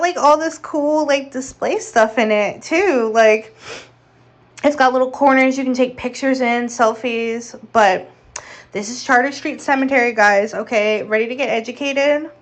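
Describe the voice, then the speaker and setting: A woman's voice: fairly high pitch, unhurried. A woman narrating a casual travel vlog in a chatty, upbeat way with playful asides. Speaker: vlogger.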